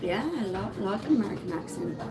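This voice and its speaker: A woman's voice: medium pitch, lively intonation, a little fast. A British woman chatting casually beside her husband in an airport café, making short, dry remarks. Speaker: vlogger's wife. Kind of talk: casual chat. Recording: loud crowd noise around.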